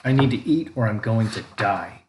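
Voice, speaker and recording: Brief: man doing a scared boy crying out, pitched up, roomy sound. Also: lively intonation, normal speed, lightly acted. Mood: desperate. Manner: pleading, desperate, shouting. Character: starving frightened teenage boy. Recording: echoey room with faint background noise.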